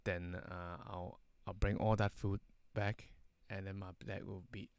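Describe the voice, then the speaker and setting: A man's voice: sits low, little pitch movement, a little slow, a little mellow, clean tone, dry recording. A man telling a casual anecdote, rambling with many fillers and tag questions. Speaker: storyteller.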